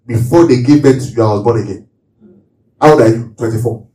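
Heard from a distance in a spacious hall, this man leads his church in call-and-response scripture reading and then teaches on the passage as their pastor. His mid-range voice runs a little fast and has a dark tone. A slight hiss or hum sits under the sermon.

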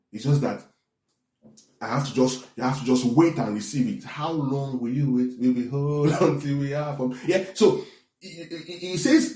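A man's voice: medium pitch, warm tone, roomy sound. A man preaching a sermon, teaching in a conversational way with frequent check-ins and restarts. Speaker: pastor.

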